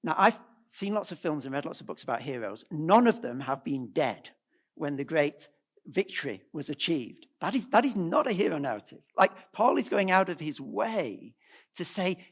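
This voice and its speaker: A middle-aged man giving a presentation at a church, animated and asking the audience rhetorical questions. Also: a little high, moderate pace, slightly rough. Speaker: guest speaker.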